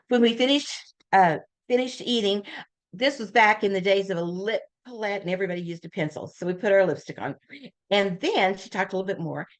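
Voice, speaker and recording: An older woman speaks as a guest at an informal talk. She tells her stories in a casual, animated way and brings each anecdote to life by acting out the people she quotes. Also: medium pitch. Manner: lively anecdotes, acts out quoted voices.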